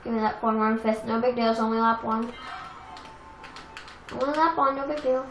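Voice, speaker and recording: A young woman casually commenting on a racing game she plays, chatty and self-deprecating, with excitable outbursts. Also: fairly high pitch, normal speed. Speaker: let's play gamer. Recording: echoey room with game music.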